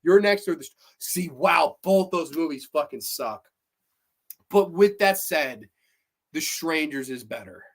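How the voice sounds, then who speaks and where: A man's voice: on the high side, lively intonation, unhurried. A man hosting a live horror show, reading chat and ranting bluntly with profanity. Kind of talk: casual live-stream chat.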